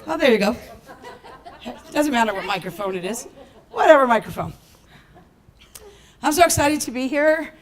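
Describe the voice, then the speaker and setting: Woman, event speaker, slightly high voice, animated, laughs often, storytelling. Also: moderate pace, long pauses, crowd noise, poor audio. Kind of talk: motivational stage talk with storytelling. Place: event stage before a live audience.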